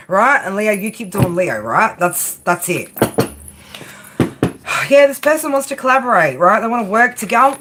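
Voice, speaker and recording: A woman's voice: mid-range voice, lively intonation, moderate pace. A woman who gives a casual tarot reading, bluntly and with lots of swearing, who keeps checking in with "right?" and. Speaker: tarot reader. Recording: noisy room with clicks and jangling.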